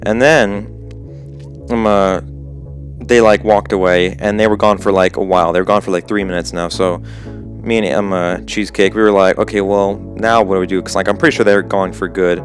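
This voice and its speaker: A man's voice: low-pitched, fairly even intonation, brisk, faint music behind. A teenage boy and gaming channel host telling a story casually, rambling with lots of fillers. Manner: rambling, full of "like" and "um".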